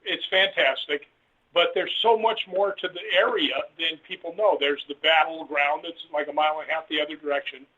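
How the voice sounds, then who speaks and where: A man, a guest author, rambling through an animated story and voicing the people in it. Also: on the high side, brisk, breathy edge. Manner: rambling, animated retelling with voiced quotes. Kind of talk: casual storytelling interview. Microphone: phone call. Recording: tinny phone line.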